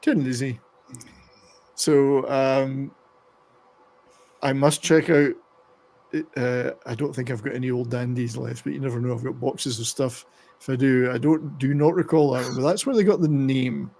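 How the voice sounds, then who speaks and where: A man with a gravelly, creaky voice hosts a relaxed chat about rock music. He rambles a bit, stops to read passages aloud, and pitches his voice right in the middle range for a man. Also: normal speed. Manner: rambling, reads excerpts aloud. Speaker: podcast host.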